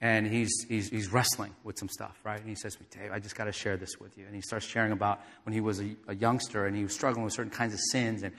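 A man preaching a sermon, telling a personal story and acting out the dialogue, dropping to a soft voice when moved. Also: on the low side, little pitch movement, fast, hardly any pauses. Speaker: pastor. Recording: echoey hall with long reverb.

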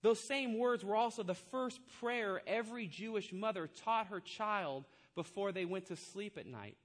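A pastor preaching a sermon, telling a story and acting out the voices of the people in it, building to loud, emphatic points. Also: male voice, high voice, moderate pace, hardly any pauses.

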